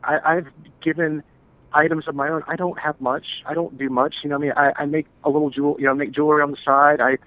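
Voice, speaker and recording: A man telling his family's story in an interview, earnest and halting, often restarting his sentences. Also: a little high, level tone. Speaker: interview guest, stepfather. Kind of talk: emotional personal account. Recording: tinny phone-like call audio.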